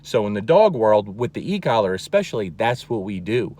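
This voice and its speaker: Facing the camera, a man teaches as a dog trainer, blunt and emphatic, often pausing for an "okay?" and repeating crucial words. His lowish, dark voice swings widely in pitch, and his pace is moderate.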